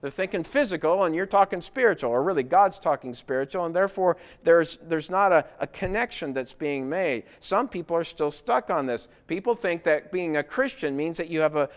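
A man's voice: high-pitched, lively intonation, brisk, hardly any pauses. A man preaching a sermon, explaining scripture and pressing his point with emphatic rhetorical questions. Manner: emphatic rhetorical questions, building to loud insistence.

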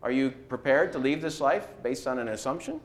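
A man's voice: medium pitch, expressive, a little fast. A man teaching a Bible class who poses rhetorical questions and acts out quoted replies.

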